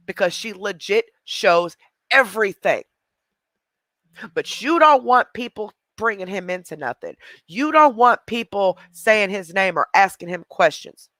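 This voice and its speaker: A woman's voice: medium pitch, a bit bright, no room sound. A woman giving blunt, mocking reaction commentary on a livestream.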